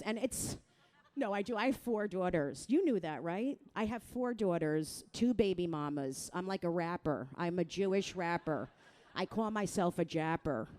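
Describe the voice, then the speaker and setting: A middle-aged woman from New Jersey doing a crude, self-mocking stand-up set, talking straight to the crowd and jumping into loud mock voices. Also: mid-range voice. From New Jersey, USA. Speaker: stand-up comedian.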